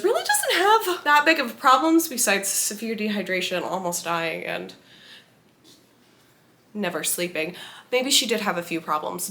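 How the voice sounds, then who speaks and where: A young woman talking through a book's plot in a casual spoiler review. She is animated, laughs often and reacts with big exaggerated disbelief. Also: fairly high pitch. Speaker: book vlogger.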